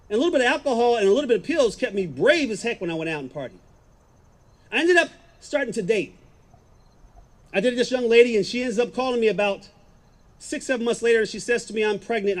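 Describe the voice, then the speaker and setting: Brief: middle-aged man, high-pitched, confessional testimony, quiet to emphatic. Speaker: former football player giving a testimony. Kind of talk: personal testimony, storytelling.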